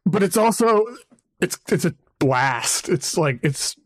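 A man's voice: a little high, expressive, slow pace, no echo, clean studio sound. A man hosting a casual music podcast, chatty and rambling, who laughs often as he talks. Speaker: podcast host.

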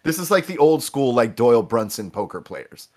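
A man's voice: mid-range voice, moderate pace. A man in his thirties, swearing freely and stopping often to restart as he tells fighting stories in a casual podcast chat. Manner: animated, profane, with many restarts and quoted voices. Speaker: podcast guest.

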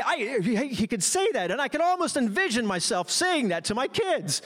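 A man's voice: extremely high pitch, very animated, moderate pace, hardly any pauses, a bit bright. A middle-aged man, a pastor, gives a playful sermon and talks straight to the congregation.

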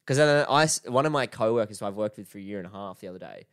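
A young Australian man who talks fast, rattling through anecdotes in casual podcast chat. His voice sits on the low side. It is recorded close and dry. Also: expressive, a bit bright, clear, resonant tone, no echo. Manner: quick, chatty storyteller. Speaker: podcast co-host.

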